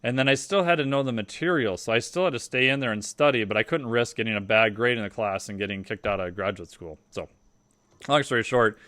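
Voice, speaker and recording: A man's voice: medium pitch, quick pace, a bit bright, no room sound. A man, a podcast guest, telling loose, profane stories in a casual interview.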